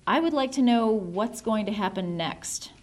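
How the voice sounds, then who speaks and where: Woman voicing a big male prisoner, soft panting voice, formal, quietly insistent, audiobook. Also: medium pitch, animated, moderate pace, slight background noise, natural voice. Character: big dangerous male inmate, soft and menacing. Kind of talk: audiobook character voice.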